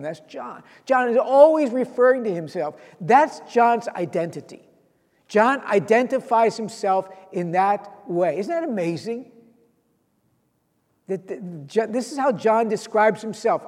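A man's voice: high voice, expressive, measured pace, a little mellow, in a large hall. A man preaching a sermon, earnest, reading out scripture and stressing key lines. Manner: earnest, quoting scripture with rising emphasis.

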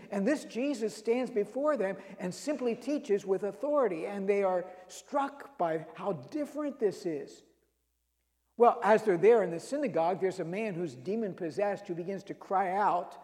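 A man's voice: high voice, dark tone, long reverb tail. A man preaching a sermon, retelling scripture stories with emphasis and reading verses aloud.

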